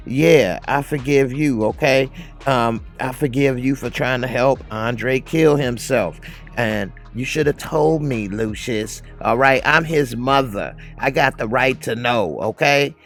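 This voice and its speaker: A man's voice: mid-range voice, lightly acted. A man acting out a bold, sassy middle-aged woman who keeps saying "okay". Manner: brash, repeats "okay".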